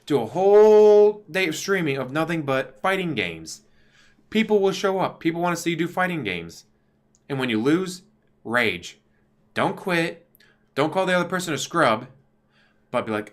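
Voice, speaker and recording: A man giving a casual, exasperated commentary rant to camera on his channel, talking with big swings in pitch. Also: big pitch swings, moderate pace, pauses often. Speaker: YouTube commentator. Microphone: desk USB microphone.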